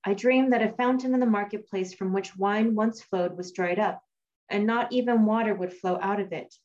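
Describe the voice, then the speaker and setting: A woman's voice: mid-range voice, normal speed, darkish tone, lightly acted. A woman voicing the devil's shrewd old grandmother in a read-aloud fairy tale, scolding and coaxing. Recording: dull lo-fi recording.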